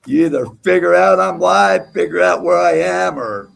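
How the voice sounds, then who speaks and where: Gravelly trash-talking man on a livestream. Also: sits high, normal speed. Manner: profane, taunting, mocking. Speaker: livestream host. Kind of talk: heated livestream panel trash talk.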